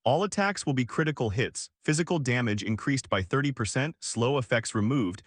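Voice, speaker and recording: A man's voice: medium pitch, expressive, fairly quick, no room sound, lightly acted. A game system announcer, read by a male narrator, informative and matter-of-fact. The sound is dry and close.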